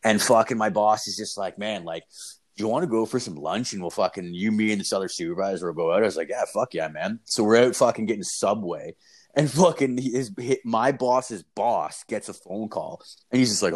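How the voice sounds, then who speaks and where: A man's voice: on the low side, brisk. A young man in his twenties on a podcast, telling a rambling, profanity-heavy story with lots of filler words. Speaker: podcast co-host. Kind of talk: casual storytelling chat.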